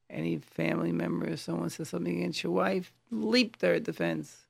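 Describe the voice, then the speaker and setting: A man's voice: high voice, fast, creaky, hardly any pauses, breathy edge, no echo. A man, a rabbi, preaching a sermon, telling stories and acting out the quoted lines, often breaking off and restarting words. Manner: storytelling, acts out quoted lines.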